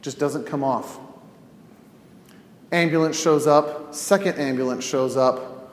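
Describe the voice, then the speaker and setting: A man's voice: on the high side, steady tone, slow pace. A male counselor teaching in a conversational way, telling scenarios and asking rhetorical questions. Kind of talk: teaching podcast talk. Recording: echoey room with long reverb.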